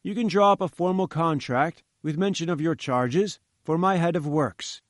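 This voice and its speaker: Man reading as a haughty, booming old scientist. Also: normal speed, dry recording, clean studio sound, natural voice. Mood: imperious. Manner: commanding, curt and haughty. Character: imperious scornful older male scientist. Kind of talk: audiobook character reading.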